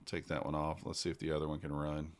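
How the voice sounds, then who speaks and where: A man giving casual live commentary while trading, thinking out loud in an unhurried, low-key way. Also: monotone. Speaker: livestreaming futures trader.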